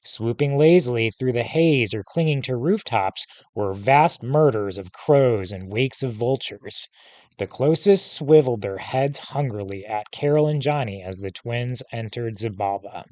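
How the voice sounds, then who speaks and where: Brief: male teacher reading a novel aloud, measured, mid-pitched, dry. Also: animated, a little mellow, dry recording. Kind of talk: storybook narration.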